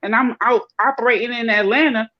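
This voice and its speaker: A woman from the northern United States talking in a casual panel chat, an animated storyteller who acts out other people's voices. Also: on the high side, fairly quick. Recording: dull lo-fi sound.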